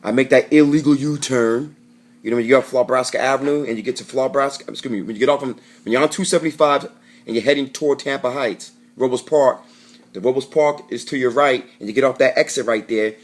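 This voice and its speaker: A man's voice: medium pitch, quick pace. A man telling a rambling, profane story straight to camera in a casual vlog, often correcting himself as he goes. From Florida. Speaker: vlogger.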